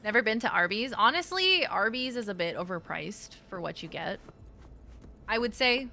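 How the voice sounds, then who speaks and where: A woman streams a game and keeps up a loose, rambling chat, laughing often and cursing freely. Her voice is very bright and ringing, with faint noise underneath. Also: medium pitch, animated, moderate pace, vocal fry. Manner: chatty, laughing, swears freely. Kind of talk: casual chat while gaming.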